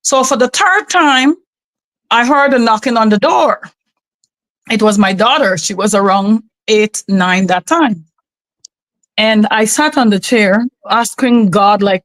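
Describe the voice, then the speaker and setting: A woman's voice: medium pitch, moderate pace, dry recording, low-quality recording. A woman from Guyana, a podcast guest giving an earnest, emphatic personal testimony and often calling on God.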